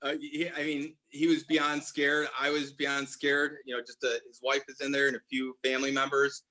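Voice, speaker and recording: A man's voice: medium pitch, monotone, normal speed, pushed and bright. A man in his forties telling a personal story as a podcast guest, earnest, often restarting and correcting himself. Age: 40s. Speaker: guest, apparel brand owner.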